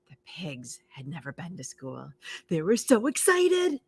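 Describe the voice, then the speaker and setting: A woman, a children's librarian, reads a picture book aloud for preschoolers in an animated, expressive way, playing up the sounds for children. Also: on the low side, moderate pace, husky, dry recording. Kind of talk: storytime read-aloud for preschoolers.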